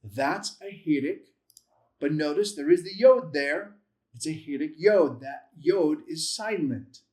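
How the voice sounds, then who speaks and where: A man teaching a language lesson, patiently sounding out letters and syllables one at a time, repeating them and correcting himself with light humor. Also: a little high. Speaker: Bible Hebrew teacher. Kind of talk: classroom-style language lesson.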